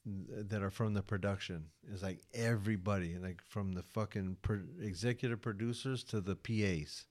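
A man from California telling a story on a podcast as a guest, casual, profane and animated, slipping into quoted voices. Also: fairly low pitch, normal speed, few pauses.

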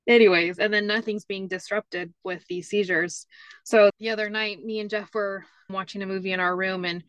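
This is a woman guest on an interview show, telling family stories in a loose, casual way. She fills her talk with "like" and "you know." Her voice sits at a middle pitch, and the sound is close and dry with no room echo. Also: fairly even intonation, normal speed. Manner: chatty, many "like" fillers. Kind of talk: casual storytelling chat.

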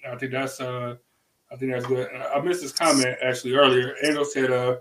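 A man's voice: mid-range voice, level tone, a little fast, rough recording. A man co-hosting a podcast in casual chat, loose and repetitive, full of fillers. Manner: loose, repeats phrases, lots of fillers. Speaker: podcast co-host.

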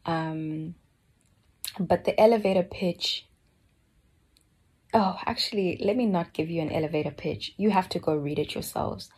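Soft-spoken breathy woman, slow and earnest. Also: lowish voice. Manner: slow, soft, earnest, often drops to a breathy near-whisper. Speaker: Bible study speaker. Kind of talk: reflective personal Bible talk.

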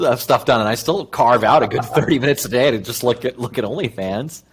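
A man's voice: mid-range voice, fairly quick, few pauses, breathy edge. A man co-hosting a podcast in casual chat, joking and self-mocking, laughing often. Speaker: podcast co-host.

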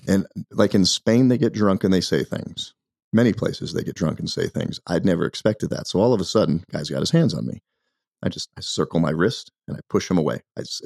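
Deep gravelly man telling a story. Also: no echo, clean studio sound. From United States. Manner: emphatic, animated storyteller. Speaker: podcast guest. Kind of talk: casual storytelling.

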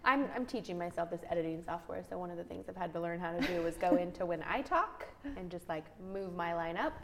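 Soft, small-voiced woman co-host, lowish, faint hiss behind. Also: expressive, fast, creaky. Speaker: podcast co-host. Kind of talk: casual chat.

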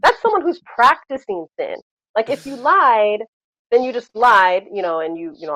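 A woman's voice: fairly high pitch, animated, normal speed, bright, forceful tone, no room sound, low-quality recording. A woman co-hosting a casual faith podcast chat, talking passionately and animatedly with many fillers like "you know.".

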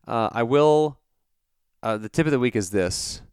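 A man's voice: mid-range voice, expressive, measured pace, darkish tone, smooth, no room sound, clean studio sound. A man hosting a podcast, chatting in an upbeat, casual way. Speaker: podcast host. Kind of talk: casual interview talk.

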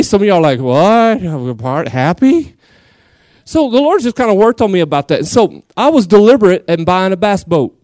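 A middle-aged man with a Southern accent preaching a lively Pentecostal sermon in church, shouting some lines and drawling others for the congregation. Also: high voice, dry recording. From Texas. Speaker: guest pastor.

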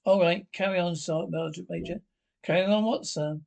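British man, high-pitched, blustering army comedy orders. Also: moderate pace, vocal fry, a little mellow. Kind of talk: 1970s British film comedy acting.

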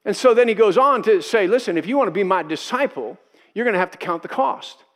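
A man with a notably high voice preaches a sermon in an emphatic style. He drives his points home by repeating key phrases and briefly acts out the people he quotes. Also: lively intonation, fast, a bit bright. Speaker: pastor.

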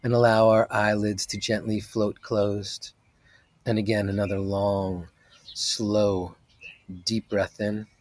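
Slow, soft-spoken male meditation guide. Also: fairly low pitch, flat delivery, no room sound. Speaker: meditation teacher.

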